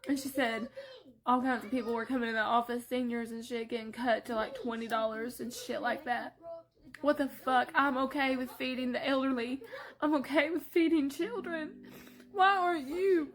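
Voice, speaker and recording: A woman's voice: sits high, steady tone, normal speed, fairly bright tone. A working mother venting in a vlog, angry, tearful and swearing. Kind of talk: emotional vlog rant.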